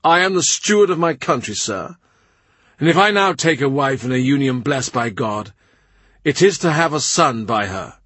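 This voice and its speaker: A man voicing a volatile, powerful king who speaks forcefully and emphatically. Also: medium pitch, expressive, normal speed, husky, dry recording, pitched above the performer's own voice. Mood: commanding. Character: volatile powerful king, cold then furious.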